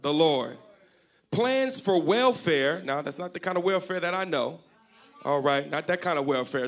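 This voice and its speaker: Standing before his congregation at a church service, a man delivers a sermon full of jokes and call-and-response, building up to shouting. He speaks at normal speed in a fairly high, expressive voice.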